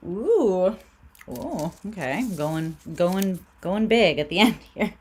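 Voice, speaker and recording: A woman giving a casual livestream tarot reading, laid-back and swearing freely, often laughing as she talks. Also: deep voice. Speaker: tarot reader.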